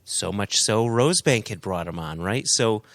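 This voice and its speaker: A man's voice: lowish voice, lively intonation, normal speed, fairly bright tone, no echo. A man co-hosting a podcast in casual chat, emphatic and enthusiastic, talking in punchy short phrases. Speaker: podcast co-host.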